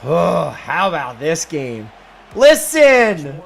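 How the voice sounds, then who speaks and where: A young man hosting a live fantasy football stream, talking casually and excitably, with sudden shouted outbursts. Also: high voice, normal speed. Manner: excitable, animated, bursts into shouts. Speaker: fantasy football show host.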